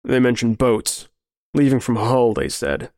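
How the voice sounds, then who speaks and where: A man reading the part of a brutal, bearded man who sneers and threatens slowly. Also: medium pitch, sing-song, a little mellow, no echo, studio quality. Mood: menacing. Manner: sneering, menacing, slow counting. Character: brutal bearded man, menacing, laughing at the world.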